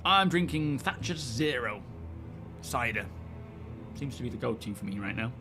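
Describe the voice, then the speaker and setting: A man's voice: medium pitch, expressive, moderate pace, over music. A man hosting a live stream, chatting casually and greeting viewers as he rambles.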